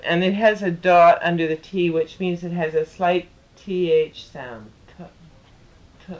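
A woman leading a guided mantra practice and explaining how to pronounce each syllable, patient and a little halting. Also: on the low side, low-quality recording. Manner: chants syllables softly, fading to near silence, then explains in a patient, halting way. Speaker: meditation and mantra teacher.

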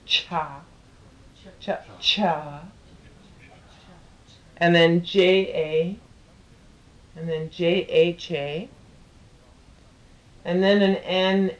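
A woman leading a guided mantra practice and explaining how to pronounce each syllable, patient and a little halting. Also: on the low side, poor audio. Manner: chants syllables softly, fading to near silence, then explains in a patient, halting way. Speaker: meditation and mantra teacher.

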